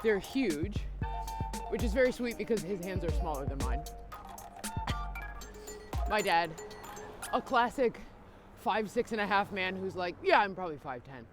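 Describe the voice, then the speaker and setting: A woman's voice: mid-range voice, expressive, unhurried, pauses often, over music. A woman comedian from Minnesota talking casually to camera while biking outdoors in freezing cold, teary-eyed and wry, swearing casually. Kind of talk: casual vlog talk to camera.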